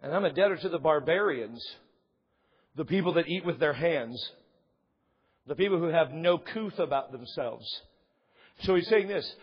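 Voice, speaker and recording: A man preaching a sermon as pastor, impassioned and rising in emphasis, with a voice that is wearing out and husky. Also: a little high, animated, normal speed, pauses often, big-room sound, lo-fi sound. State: losing his voice. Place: church sanctuary.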